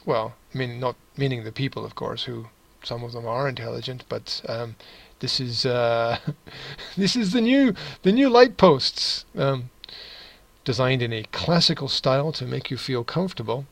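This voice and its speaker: A man's voice: medium pitch, fairly even intonation, normal speed, vocal fry, fairly bright tone, low-quality recording. A man teaching English, reading a news text aloud and adding sarcastic, chuckling asides.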